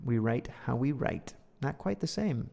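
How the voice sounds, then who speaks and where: A man's voice: mid-range voice, animated, unhurried, gravelly, a little mellow. A man teaching English by reading a storybook aloud and explaining words and sounds with playful, jokey asides. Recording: long hall reverb.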